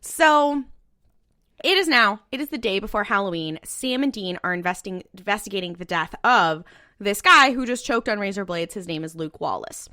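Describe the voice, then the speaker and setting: A woman's voice: medium pitch, lively intonation, normal speed, pushed and bright, no echo, studio quality. A woman co-hosting a podcast, recapping an episode in a breezy, profane way with lots of filler words. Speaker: podcast co-host. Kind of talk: casual rewatch podcast chat.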